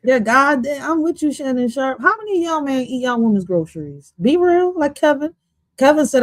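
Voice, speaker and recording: Loud, swearing woman streamer, dry close sound. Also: high voice, animated, brisk, dry recording, poor audio. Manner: loud, jumpy and swearing, jumping between jokes and asides. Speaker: livestream host reacting to an interview clip. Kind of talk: casual profane reaction commentary.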